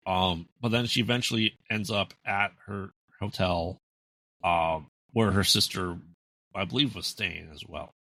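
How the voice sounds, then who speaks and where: An American man with a deep, bright-edged voice rambles through a movie recap on a podcast, full of fillers and restarts. The recording is dry and close, with no room sound. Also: a little slow, no room sound. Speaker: podcast co-host. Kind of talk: casual movie recap chat.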